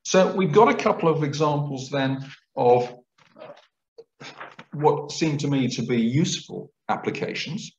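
Male lecturer, lively explanatory delivery, echoey lecture-room recording. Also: on the high side, a little slow, slight background noise. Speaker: guest lecturer. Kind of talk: public lecture. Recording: roomy, dull lecture recording.

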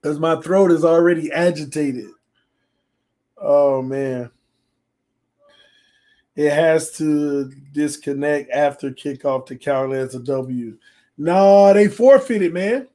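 A man with a strained, hoarse voice chats casually through a live gaming stream. He sits a bit high in his range and turns excitable and playfully trash-talking while reading comments aloud. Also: slow pace, long pauses. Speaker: sports channel host. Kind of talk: casual livestream gaming chat.

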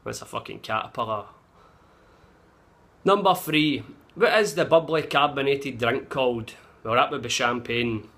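A man's voice: mid-range voice, fairly bright tone. A young Glaswegian man reading an accent tag word list and questions, blunt and full of swearing. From Scotland. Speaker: vlogger. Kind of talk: casual accent tag monologue.

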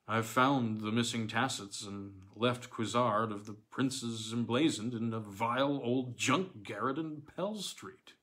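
A man reading as a gentle, probing older armourer. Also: medium pitch, close to an everyday voice. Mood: concerned. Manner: gentle, measured, concerned.

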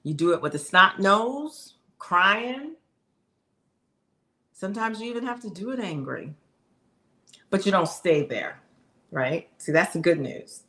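Emphatic woman coach, bright voice. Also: medium pitch, sing-song, measured pace, pauses often. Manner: emphatic, conversational, addresses viewers directly. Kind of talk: motivational casual talk.

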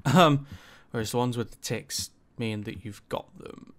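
A man's voice: medium pitch, a little slow, a bit bright. A man giving casual gameplay commentary, rambling with lots of ums and likes and some swearing. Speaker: gaming channel host.

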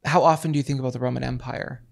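A man co-hosting a podcast in casual chat, playful and dramatic with quick rambling asides, mouth a bit dry. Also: medium pitch, steady tone, creaky. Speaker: podcast co-host.

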